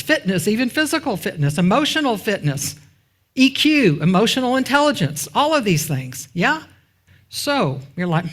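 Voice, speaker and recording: A woman's voice: a little high, a bit bright. Chatty woman minister preaching. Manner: asks the congregation rhetorical questions and waits for answers; informal and chatty, with asides. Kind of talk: conversational sermon. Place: church sanctuary.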